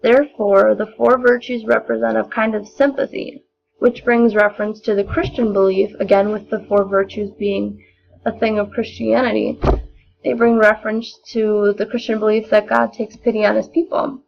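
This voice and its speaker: A young woman giving a measured, explanatory spoken analysis of a poem as a lesson. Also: medium pitch, flat delivery, vocal fry. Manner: measured, explanatory, occasional restarts. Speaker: student presenter. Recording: dull lo-fi recording.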